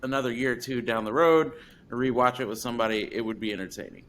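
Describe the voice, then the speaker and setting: A man's voice: medium pitch, fast, a bit bright, a little hiss or hum. A man hosting a podcast, talking about a film in an easygoing, hesitant way full of fillers. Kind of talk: casual film chat.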